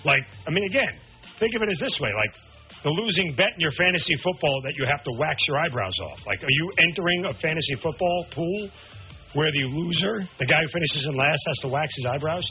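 A man's voice: fairly high pitch, animated, lo-fi sound, soft background music. A man co-hosting a radio show, joking and musing in casual banter. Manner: joking, chatty, drawn-out musings. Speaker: radio co-host.

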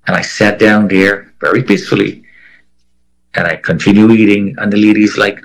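A man's voice: on the low side, steady tone, normal speed, creaky, poor audio. A man giving a first-person account in an interview, vividly acting out the voices of the people he quotes. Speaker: interviewee telling a personal story.

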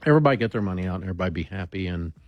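This man has a very low voice and talks bluntly in a casual advice chat, often restarting as he thinks aloud. The sound is dry and close, with no room around it. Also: animated, racing, no echo, dull audio.

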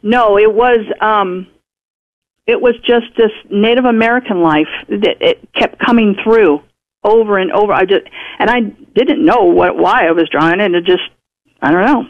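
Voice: medium pitch, moderate pace. A radio guest in conversation who tells a personal story in a chatty way and acts out the speech of others. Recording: muffled radio broadcast audio.

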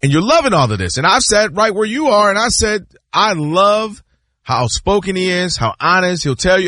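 A man debating basketball on a sports show, emphatic and lively, acting out players and fans as he argues. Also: high-pitched, no room sound. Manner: emphatic, acts out players and fans in quick voices.

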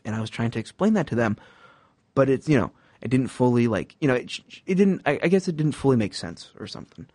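Very animated and fast, a young man with a mid-range, darkish voice rambles through job advice on his podcast with no echo. Filler words pile up as he plays out quoted customers and bosses from customer service work.

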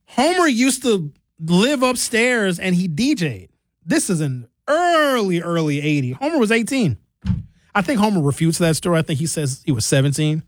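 Radio guy, fairly high voice, swings all over, dry studio sound. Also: moderate pace, dry recording. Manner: animated storyteller, slips into impressions. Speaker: radio host. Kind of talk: lively casual radio banter.

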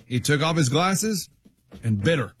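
A man with a high-pitched voice, a regular on a radio show, telling a short odd news story. His delivery is casual and matter-of-fact, with a few fillers along the way. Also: big pitch swings, a little slow, fairly bright tone, breathy edge.

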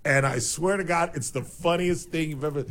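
Male talk host, rambling and animated, slightly higher pitch. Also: normal speed. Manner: rambling, animated storyteller, swears for emphasis. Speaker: radio show host. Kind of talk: casual talk radio chat.

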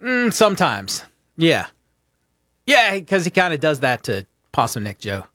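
A playful man co-hosting a sports talk show, teasing his partner with quick jabs. His voice is a touch higher than most men's. The sound is dry and close-miked. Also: huge pitch swings, pushed and bright, dry recording. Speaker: co-host. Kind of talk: casual sports chat.

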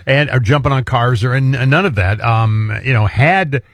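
A man's voice: mid-range voice, moderate pace, a bit bright, no echo. A man co-hosting a political talk radio show, chatting casually with joking asides.

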